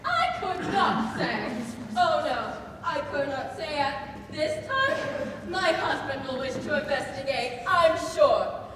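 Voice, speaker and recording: A woman playing a pompous, affected mayor's wife who speaks in drawn-out, self-important phrases. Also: high-pitched, big pitch swings, background noise, heavily acted. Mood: haughty. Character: pompous, fluttery mayor's wife, middle-aged. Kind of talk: stage musical acting. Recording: echoey hall from far off, audience.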